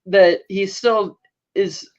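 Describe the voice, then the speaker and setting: A woman's voice: mid-range voice, fairly even intonation, extremely slow, a little mellow, muffled recording. A woman co-hosting a podcast, casually recapping episodes in a rambling way and acting out quotes. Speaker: podcast co-host.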